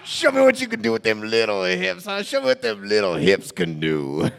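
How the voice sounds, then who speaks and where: A man voicing a pushy homeless man on a street corner who teases loudly and cackles. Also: high voice, very animated, normal speed, vocal fry, voice pushed up, heavily acted. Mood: teasing.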